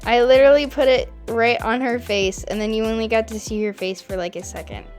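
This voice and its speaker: A woman's voice: a little high, fairly even intonation, fairly quick, darkish tone, soft background music. A young woman talking casually as she reacts to her own old videos, laughing at herself and saying "like" a lot. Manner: giggly and self-mocking, heavy use of "like".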